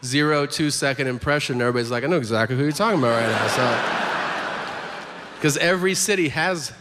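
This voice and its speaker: A man's voice: medium pitch, fast talker, very noisy. Profane stand-up comic man in a hall. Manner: profane, acts out dialogue voices. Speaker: stand-up comedian. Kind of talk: stand-up comedy storytelling. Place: comedy stage before a laughing audience. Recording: live hall with loud crowd ambience.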